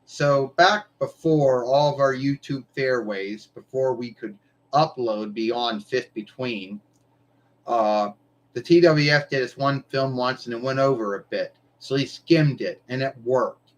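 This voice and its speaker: A man hosts his live stream in an easygoing, wandering monologue. His voice sits at an ordinary middle pitch, and he drops casual swears as he goes. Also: unhurried, poor audio. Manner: meandering, loose, swears casually. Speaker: livestream host.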